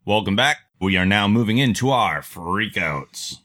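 A man's voice: on the low side, unhurried, loud music behind the voice. A man hosting a podcast in a studio, chatting casually, laughing easily and steering the conversation. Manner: relaxed, laughs easily, leads the segments. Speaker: podcast host. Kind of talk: casual chat.

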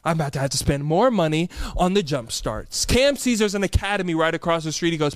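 Young man, fairly high voice, exasperated storyteller, dry close mic. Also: animated, quick pace, dry recording. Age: young adult. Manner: exasperated, dramatic retelling. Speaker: podcast co-host. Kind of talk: animated storytelling.

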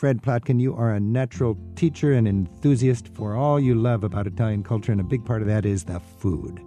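A man's voice: fairly low pitch, warm tone, soft background music. A middle-aged man hosting a radio travel show, chatting enthusiastically with a guest and reading show links into a studio microphone. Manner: enthusiastic, conversational, quick laughs.

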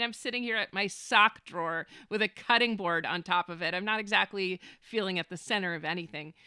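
A woman hosts a podcast from a small room at home, offering wry, opinionated commentary with a self-deprecating edge. Her voice is bright and crisp. It is recorded close and dry, with no room sound. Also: medium pitch, dry recording. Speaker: podcast host. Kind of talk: conversational commentary.

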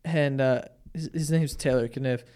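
A man's voice: medium pitch, steady tone, measured pace, dark tone, clean tone. A young man hosting a podcast, telling crude stories and laughing through casual banter with friends. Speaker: podcast host.

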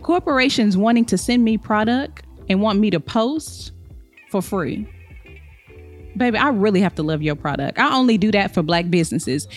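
A woman's voice: medium pitch, expressive, normal speed, soft background music. A young woman hosting her own podcast in a sassy, emphatic monologue, calling listeners honey and babe. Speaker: podcast host. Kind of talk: casual solo podcast monologue.

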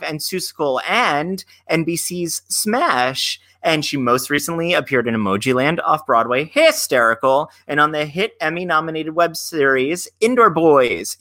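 A man's voice: on the high side, sharp tone. A man co-hosting a theater talk show, chatty and rambling with asides. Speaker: podcast co-host.

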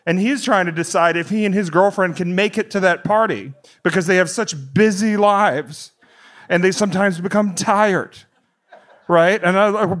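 Speaking at normal speed, this middle-aged stand-up comedian from the United States spins a long, rambling, animated story. His voice rises high whenever he gets worked up.

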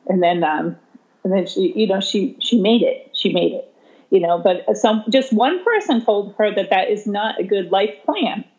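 Animated woman teacher telling stories. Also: moderate pace. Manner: animated, laughing, acting out quotes in a higher voice. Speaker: special education teacher. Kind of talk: conversational storytelling. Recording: slightly dull lo-fi sound.

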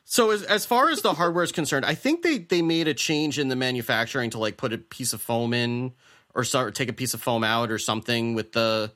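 A man co-hosting a relaxed podcast conversation, with a bright, ringing tone. He talks in a chatty, loose way, often restarting his sentences as he thinks aloud. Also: medium pitch, brisk. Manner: reads listener question then answers, chatty with many restarts. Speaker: podcast co-host. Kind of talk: casual chat.

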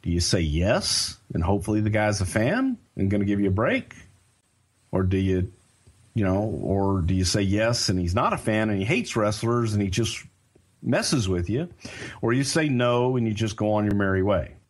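Man, lowish voice, casual storytelling, animated, acts out other voices, self-mocking humor. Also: normal speed. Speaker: storyteller guest.

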